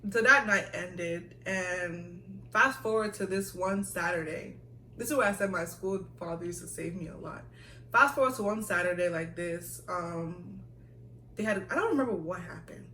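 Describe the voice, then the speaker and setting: A young woman vlogger telling a story in a casual, animated way, with laughs and asides. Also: on the low side, moderate pace, a little hiss or hum. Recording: echoey room, a little far from the mic.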